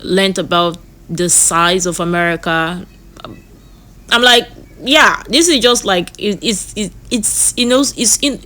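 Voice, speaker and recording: A woman's voice: medium pitch, slow pace, bright, forceful tone. A woman hosting a reaction video, talking earnestly and rambling, often repeating herself. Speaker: reaction channel host. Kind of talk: casual reaction commentary.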